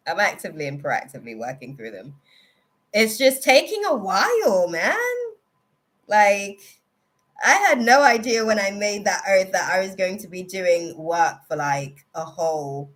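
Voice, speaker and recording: A woman with a lowish, somewhat bright voice hosts a live tarot stream. She chats casually with her viewers in a gushing, emotional, rambling manner, leaning heavily on fillers.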